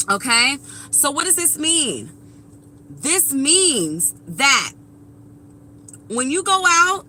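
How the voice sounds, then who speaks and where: Bright and forceful, her high voice cuts through a low-quality recording with slight background noise. She's a woman in her thirties doing a casual live tarot reading, talking straight to viewers in a blunt, profane way.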